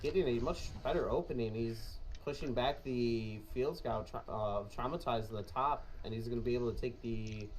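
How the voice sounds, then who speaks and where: An easygoing man from Chicago co-commentates a strategy game match in a relaxed, casual manner. His voice sits at a mid pitch, with a little faint noise behind it. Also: normal speed, few pauses. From Chicago, USA. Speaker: co-caster.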